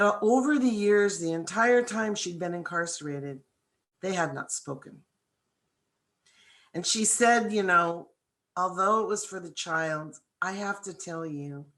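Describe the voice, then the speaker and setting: A woman hosting a virtual event, telling a heartfelt story in an earnest, unhurried way before introducing a guest. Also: lowish voice, fairly bright tone. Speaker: program organizer hosting the event.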